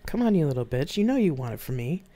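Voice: mid-range voice, sing-song, quick pace, mellow, natural voice. A reader voicing a cruel, bigoted male crew member who speaks with sneering contempt. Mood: taunting. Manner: vicious and contemptuous.

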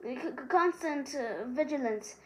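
A woman's voice: high-pitched, lively intonation, measured pace, background noise. A woman voicing an anxious, bookish teenage witch who talks earnestly and stammers. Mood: upset.

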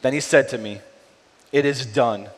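A middle-aged man preaching a sermon in a casual, conversational way, often tagging his points with a quick question to the room. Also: mid-range voice. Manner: conversational, frequent tag "right?". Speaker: pastor. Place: church sanctuary. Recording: long hall reverb.

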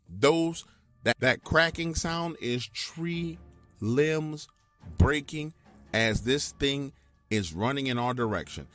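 Man, emphatic storyteller, true scary story, lively pitch, faint music underneath. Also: slow. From Louisiana, US. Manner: emphatic, animated, talks straight to the listener. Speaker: guest telling his own encounter.

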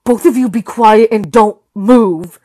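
A woman voicing a bossy teenage girl giving sharp commands in a read-along storybook. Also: fairly high pitch, a little slow. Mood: tense. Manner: shouted commands.

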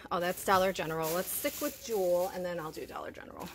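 A chatty woman in her thirties, talking casually to the camera from her home kitchen as she unpacks groceries. She sounds a little out of breath and keeps addressing her viewers as "you guys". A steady, clearly audible noise runs behind her voice. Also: on the low side, fast talker. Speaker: vlogger showing a grocery haul.

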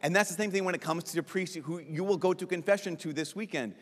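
A priest giving a lively, joking talk at a youth conference, acting out quick voices as he goes. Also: high-pitched. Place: large conference hall. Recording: long reverb of a large hall.

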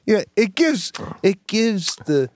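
A man's voice: high voice, very animated, a little mellow, dry recording. A man's voice swings up and down as he tells a story, pressing his points and checking in with "right?" He sits close to the mic in a dry, dead room. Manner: emphatic, drawn-out storytelling with frequent "right?". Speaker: podcast co-host. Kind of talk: casual chat.

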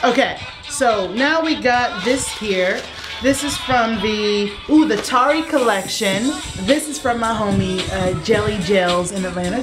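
A woman's voice: medium pitch, measured pace, over music. A young woman in her studio apartment unboxing packages in a casual vlog, playful and slangy, sometimes breaking into song. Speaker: vlogger.

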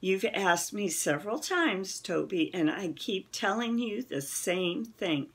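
A woman voicing a patient, gentle mother who calmly explains things to her young son in a storybook. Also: medium pitch, takes it slowly, slightly rough, full character voice. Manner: ever-patient, soothing.

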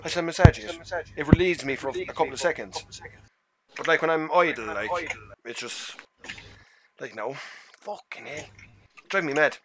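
A man's voice: on the high side, animated, normal speed, long pauses, a crowd in the background. An Irish man chatting casually on a game live stream, rambling, swearing and joking with his mates. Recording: loud game engine noise behind.

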